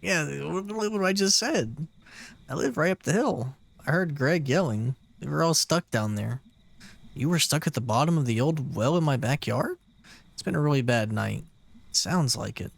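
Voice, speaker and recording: A man streaming a game, reading its dialogue aloud slowly and quietly, with playful asides in between. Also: fairly high pitch, animated, creaky. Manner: slow and subdued when reading, with playful asides. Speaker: let's play streamer.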